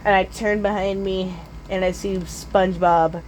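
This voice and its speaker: A woman telling absurd comic stories in a drawling way, with sudden loud squealing outbursts. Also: medium pitch, little pitch movement, measured pace, slight background noise. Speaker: storyteller. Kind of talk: absurd comedic storytime.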